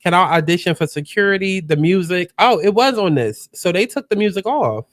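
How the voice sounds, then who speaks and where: A man's voice: high voice, lively intonation, brisk, fairly bright tone, dry recording, studio quality. A man hosting a casual reaction commentary, chatty and exclamatory as he talks straight to his viewers. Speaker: host.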